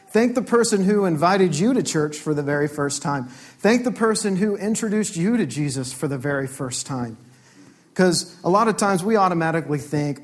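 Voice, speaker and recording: A man preaching a sermon in church, earnest, repeating key phrases and acting out prayers in his own voice. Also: on the high side. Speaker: pastor.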